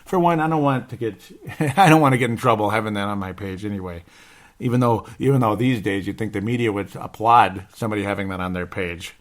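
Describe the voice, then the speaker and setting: A man hosting a live sports podcast, talking casually and at length, repeating himself and tagging lines with "okay?". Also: medium pitch. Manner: talkative, repeats himself, frequent "okay?" asides. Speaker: podcast host.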